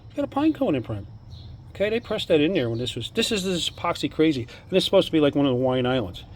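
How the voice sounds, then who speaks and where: A man excitedly showing his stone collection to the camera, rambling from one topic to the next in a casual monologue. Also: a little high, quick pace, slight background noise. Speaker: amateur artifact collector. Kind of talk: casual show-and-tell monologue.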